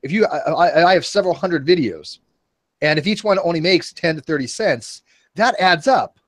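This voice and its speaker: A man's voice: fairly high pitch, lively intonation, moderate pace, a bit bright, no room sound, studio quality. A man in his forties hosting a casual panel chat, rambling and joking at his own expense. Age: 40s. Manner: rambling, joking, self-mocking. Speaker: host.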